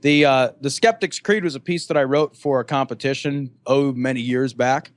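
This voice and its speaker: A man guesting on a podcast, talking in a profane, animated ranting way. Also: medium pitch, normal speed, no echo. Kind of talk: casual podcast chat.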